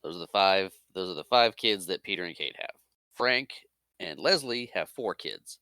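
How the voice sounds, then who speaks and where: A man's voice: deep voice, expressive, moderate pace, pushed and bright, clear, resonant tone, no echo. A man co-hosting a casual movie podcast, laughing along and running through facts. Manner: easygoing, laughs often, lists facts. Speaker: podcast co-host.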